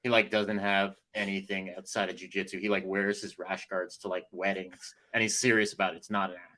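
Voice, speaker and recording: A man, an author and jiu-jitsu instructor, chatting casually as a podcast guest, animated and laughing a lot. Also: low-pitched, fairly quick. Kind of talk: casual interview chat.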